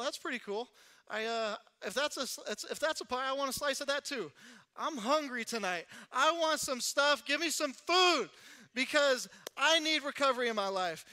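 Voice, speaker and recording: High bright-voiced young pastor. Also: male voice. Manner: conversational and animated, laughing at himself. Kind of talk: recovery-meeting sermon. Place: church.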